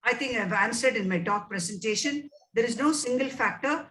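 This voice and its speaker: A woman's voice: a little high, a little fast, fairly bright tone, far from the mic, a little hiss or hum, low-quality recording. A woman with an Indian English accent answering webinar questions as a nutrition scientist, emphatic and advising, repeating words for stress.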